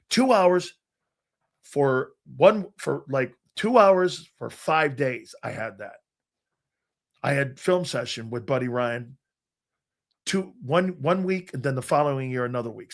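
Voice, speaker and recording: A middle-aged man hosting a sports talk show, telling rambling, animated anecdotes full of restarts. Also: mid-range voice. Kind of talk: casual storytelling.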